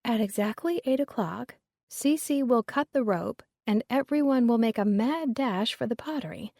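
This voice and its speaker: A woman voicing a shrewd middle-aged mother who coaches her daughter in a brisk, urgent way. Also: a little high, animated, warm tone, no echo, studio quality, pitched above the performer's own voice.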